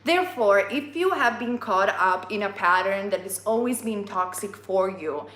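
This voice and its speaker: A woman giving an astrology reading, retelling a myth in an animated way and addressing listeners by their star sign. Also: mid-range voice, normal speed, reverberant. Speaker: astrology reader. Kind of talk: tarot reading monologue.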